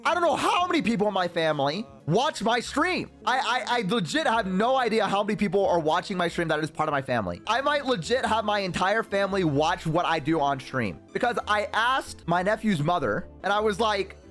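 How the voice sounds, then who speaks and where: A man in his twenties, a VTuber streamer, telling a story in casual stream chat, animated and rambling with lots of swearing. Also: sits high, a little fast, few pauses, faint music behind. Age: 20s.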